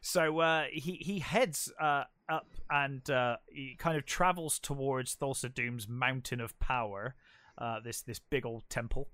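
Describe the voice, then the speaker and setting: A man's voice: medium pitch, fairly even intonation, a little slow, fairly bright tone, no echo. A man in a casual chat, eagerly retelling scenes with lots of ums and restarts. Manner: enthusiastic retelling with many fillers and restarts.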